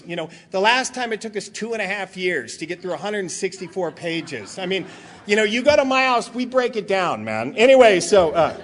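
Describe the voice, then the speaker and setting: A man's voice: very high voice, a bit bright. A middle-aged man from Southern California giving a loose, joking, rambling talk as a guest speaker. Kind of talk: comic storytelling talk.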